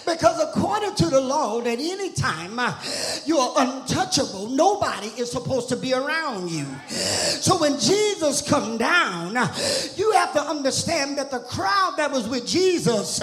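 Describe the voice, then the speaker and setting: A woman's voice: high-pitched, fairly bright tone. A woman preacher delivering an impassioned sermon, hollering out lines and crying out to God between phrases. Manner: impassioned, hollering, exclaims "God have mercy" repeatedly. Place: church sanctuary. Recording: roomy church with faint music.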